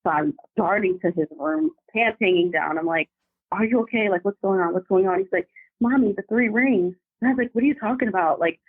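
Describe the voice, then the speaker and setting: A woman calling in to a podcast, telling a story in a casual and animated way. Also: lowish voice, quick pace, dry recording. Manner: animated, vivid retelling. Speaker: caller. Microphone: phone call. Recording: tinny phone line.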